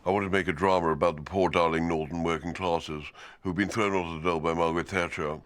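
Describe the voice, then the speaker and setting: A comic actor playing a pompous, self-satisfied television executive in a mock documentary interview. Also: male voice, sits low, steady tone, fast, a bit bright, clear, resonant tone. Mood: smug. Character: smug posh TV executive.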